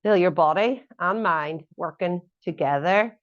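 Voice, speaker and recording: A woman's voice: fairly low pitch, unhurried. Chatty woman fitness instructor, lo-fi audio. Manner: chatty, encouraging cues with joking asides. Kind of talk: coaching a live workout class. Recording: dull lo-fi audio.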